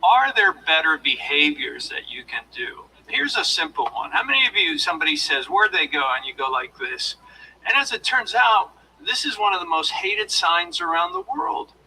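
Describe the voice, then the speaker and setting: A former law enforcement officer giving a motivational lecture, coaching his audience in a deliberate, demonstrative way, recorded from a distance. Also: sits high, sing-song, gravelly, sharp tone, slight background noise.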